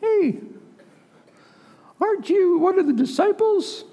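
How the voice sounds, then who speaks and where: A man voicing a curious little girl in a comic high falsetto during a sermon. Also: lively intonation, takes it slowly, dark tone, heavily acted. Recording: long hall reverb.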